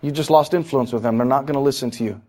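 A man preaching a sermon as pastor, emphatic, rising and getting louder for effect, then dropping low and slow on key points.

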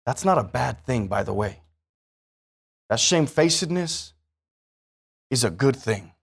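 A man preaching a sermon, telling a story from his own life, moving between hushed, slow stretches and loud, fast, rising passages. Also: mid-range voice, animated, gravelly, slightly rough.

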